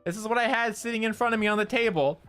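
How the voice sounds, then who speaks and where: Streamer rambling through a funny story, bright tone, faint music behind. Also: medium pitch, very fast. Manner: animated, repetitive, self-mocking storytelling. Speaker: VTuber streamer. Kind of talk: casual chat stream, storytelling.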